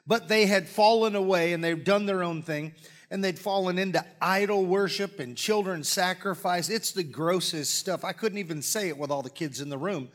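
A man preaching a sermon in a church, folksy and joking, often clearing his throat. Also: high-pitched, normal speed, a bit bright. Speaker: pastor. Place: church sanctuary with congregation. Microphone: live-streamed stage mic.

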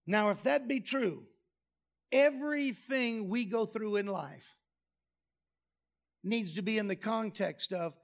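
A man preaching a sermon, lively and humorous, dropping low and soft on key phrases. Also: slow, creaky, pauses often. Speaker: pastor. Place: church sanctuary.

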